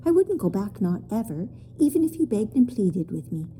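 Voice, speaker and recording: A woman voicing a friendly, lonely moose-like royal creature with a deep voice and a lisp in a storybook reading. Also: sing-song, normal speed, dark tone, a little hiss or hum, close to an everyday voice. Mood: wistful. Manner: cheerful, chatty, a little vain.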